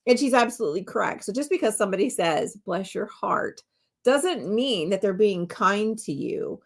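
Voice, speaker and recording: A woman's voice: medium pitch, expressive, fairly quick. A middle-aged woman hosting her own podcast as a spiritual medium, talking in a casual, candid way, swearing freely and laughing often. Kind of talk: casual solo podcast talk.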